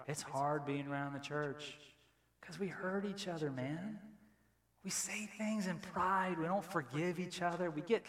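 A middle-aged male pastor with a fairly high-pitched voice preaches a conversational sermon in a church. He talks casually, repeats phrases, and pushes toward emphatic peaks. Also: moderate pace, fairly bright tone. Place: church sanctuary.

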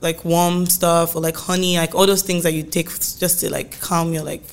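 A young woman with a Nigerian accent, a singer chatting as a podcast guest, animated and full of filler words. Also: lowish voice, normal speed, clear, resonant tone. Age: young adult. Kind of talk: casual interview chat.

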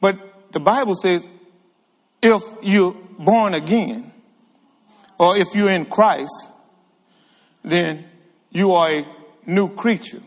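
High-voiced man preaching animatedly. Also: slow pace, pauses often, in a large hall. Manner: animated, calls to the congregation. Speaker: guest preacher. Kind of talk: sermon. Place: church hall with congregation.

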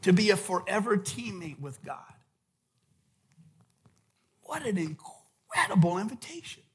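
A man preaching a sermon as pastor, impassioned, swinging from loud shouts to hushed intensity. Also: sits high, big pitch swings, a little slow. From California.

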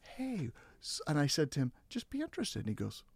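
A man speaking as a guest counselor on a podcast, giving relationship advice and acting out quoted voices with big jumps in pitch. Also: wildly swooping pitch, a little fast, gravelly, breathy edge, no echo.

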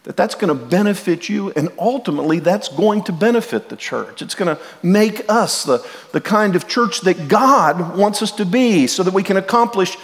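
This middle-aged pastor preaches in a high-pitched, expressive voice at a moderate pace, barely pausing. Earnest and direct, he keeps repeating and restarting his words to the congregation, and the church sanctuary adds a long hall reverb.

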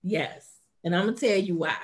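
A woman in casual chat, telling a story in a laid-back, drawn-out way. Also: lowish voice.

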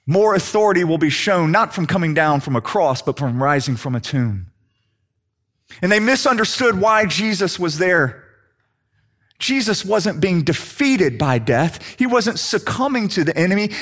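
A man with a high voice preaching a sermon. He delivers it dramatically, slowing down and sinking low to press his points home. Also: lively intonation, fairly bright tone. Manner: dramatic, slows down and drops low for emphasis.

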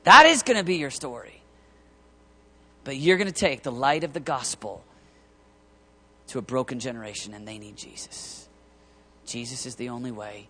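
A man preaching a sermon to a ministry team, impassioned and rising to near-shouting peaks, acting out quoted voices. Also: medium pitch, lively intonation. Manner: acts out quoted voices and awkward pauses. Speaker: pastor leading a ministry tour team.

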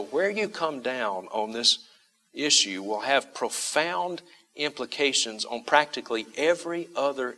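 A man's voice: mid-range voice, sharp tone. A man preaching a sermon as pastor, emphatic, repeating key phrases and asking his listeners rhetorical questions. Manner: asks the congregation rhetorical questions.

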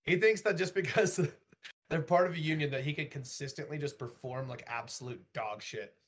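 A man co-hosting a casual podcast chat, rambling with profanity and halting restarts. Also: a little high. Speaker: podcast co-host.

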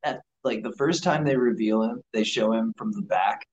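A man's voice: lowish voice, moderate pace, lo-fi sound, a little hiss or hum. A man talking casually about a TV series, loose and full of "like". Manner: relaxed, lots of "like" fillers. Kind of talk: casual chat about a TV show.

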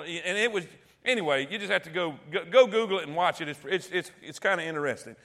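A man's voice: sits high, fast talker, fairly bright tone. Emphatic man teaching scripture. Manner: emphatic, conversational, frequent restarts. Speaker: Bible study teacher. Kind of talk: Bible study teaching with scripture reading.

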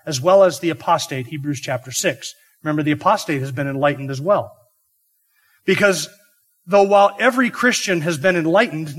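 A man's voice: fairly high pitch, a bit bright. A man preaching an expository sermon, earnest and emphatic, asking the listeners rhetorical questions. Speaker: pastor.

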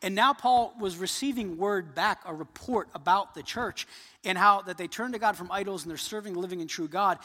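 A man in his thirties preaching a sermon, earnest, building to emphatic points and then dropping soft. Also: high-pitched, brisk, long reverb tail. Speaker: pastor.

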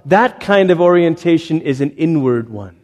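A man's voice: a little high, expressive, moderate pace, darkish tone. A male pastor preaching a sermon, dramatic, acting out the voices he quotes. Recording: long hall reverb.

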